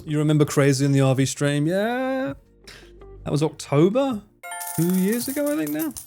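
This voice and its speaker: A man's voice: on the high side, fairly quick, vocal fry, warm tone, soft background music. An English man chatting casually on a live stream while gaming, swearing freely and laughing often. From England.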